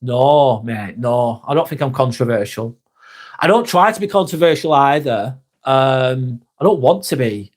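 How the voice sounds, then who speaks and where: A mid-range, expressive male voice, slightly slow. He's hosting a laid-back live vlog with a Lancashire accent, reading the chat aloud, blunt and foul-mouthed, with mate thrown at everyone, and he hails from North West England.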